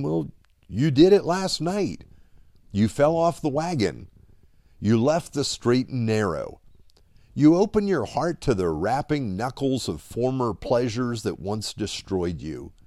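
A man delivers a dramatic devotional sermon in a mid-range voice, speaking slowly and deliberately and often letting the end of a line fall to a hush. There is no echo.

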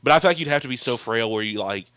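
A man's voice: medium pitch, animated, racing, fairly bright tone, clear, resonant tone, dry recording. A man co-hosting a casual film podcast, blunt and sardonic, often finishing his partner's thoughts. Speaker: podcast co-host.

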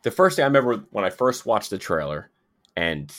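A man co-hosting a casual show chat, halting and repeating his words as he talks. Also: lowish voice, sing-song. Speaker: podcast co-host.

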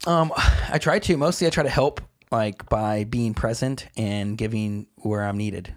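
A man's voice: on the low side, unhurried. A young man chatting casually as a podcast guest, rambling through stories with lots of fillers.

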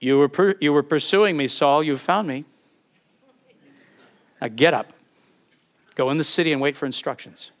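A preacher acting out Jesus as a calm, commanding man who speaks in clipped, blunt orders. The voice drops well below the preacher's usual pitch and stays steady. Every phrase is a plain instruction, with no debate. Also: moderate pace, long pauses, lightly acted.

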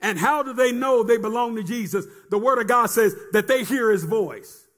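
A man with a very high voice preaches in a rising and falling, chanting cadence. He repeats phrases and calls on the congregation to respond as he delivers a sermon. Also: moderate pace, fairly bright tone.

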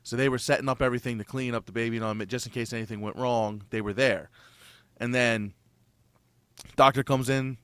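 A young man with a bright, forceful voice tells a story in a loose, rambling way. He swears freely and acts out what he said back then. The sound is close and dry, with no room in it. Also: medium pitch, fairly even intonation, a little fast, clear, resonant tone, no room sound. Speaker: new father telling a birth story. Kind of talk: casual chat.

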